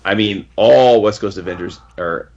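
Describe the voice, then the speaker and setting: Talking at a moderate pace in a low, darkish voice, a man on a podcast gushes and rambles about a comic book, frequently starting his sentences over. The audio sounds muffled and lo-fi.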